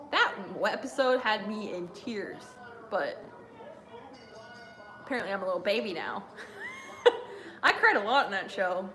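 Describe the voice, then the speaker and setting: A woman's voice: mid-range voice, sharp tone. A young woman hosting a casual live watch-along stream, chatty and giggly as she reads viewer chat aloud. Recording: roomy echo.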